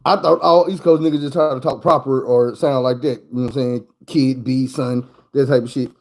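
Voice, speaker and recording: A man's voice: medium pitch, steady tone, brisk, low-quality recording. A man from Arkansas with a Southern accent telling stories in a loose, profane, repetitive way in a casual monologue. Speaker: vlogger.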